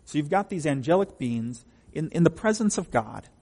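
A man's voice: a little high, expressive, normal speed, vocal fry, darkish tone, husky, big-room sound. A man preaching a sermon from the pulpit, emphatic and often asking the congregation questions. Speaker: pastor.

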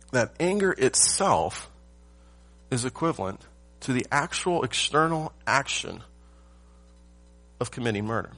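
A male pastor delivers a morning sermon in a middle-pitched voice. He leans on key phrases, pauses for weight, and asks the congregation rhetorical questions. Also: sharp tone.

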